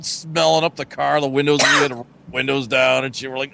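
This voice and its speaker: A man's voice: mid-range voice, flat delivery, a little fast, vocal fry, fairly bright tone. Profane middle-aged man telling stories. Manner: profane storytelling, lots of "you know". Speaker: podcast co-host. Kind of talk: casual chat.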